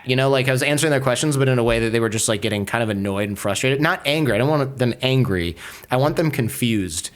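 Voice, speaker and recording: A man guesting on a podcast, telling a story casually with lots of fillers, restarts and an animated delivery. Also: medium pitch. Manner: fast-talking, many fillers and restarts, animated retelling. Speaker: podcaster and lawyer, interview guest.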